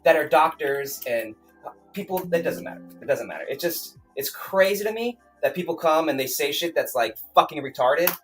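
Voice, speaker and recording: A man's voice: on the high side, animated, normal speed, fairly bright tone. A man talks on a casual livestream, heated and profane, rambling and restarting his sentences. Faint music plays behind him. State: angry, then calming down. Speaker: streamer, self-published author.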